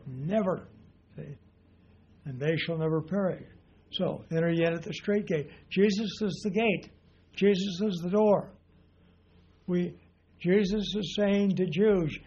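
An older man gives a loose, conversational sermon, wandering into asides and personal stories. His voice sits a little high for a man but has a dark, mellow tone. The recording is dull and lo-fi. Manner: folksy, rambling, lots of "you know" asides. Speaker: preacher.

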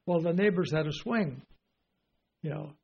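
An older man preaching in a relaxed, folksy way, wandering through stories with plenty of "uh" and "you know". His voice sits a bit high for a man. The recording sounds dull and lo-fi. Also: normal speed, gravelly, a little hiss or hum. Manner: rambling, folksy, many fillers. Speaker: Bible teacher. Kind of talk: informal sermon.

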